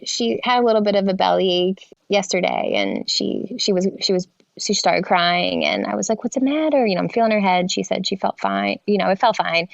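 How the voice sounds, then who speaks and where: A woman's voice: mid-range voice, gravelly, no room sound, lo-fi sound. A woman in her thirties, a nurse and mother, talking casually in an interview, often restarting her sentences. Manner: halting, restarts often, soft laughs. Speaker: frontline nurse guest.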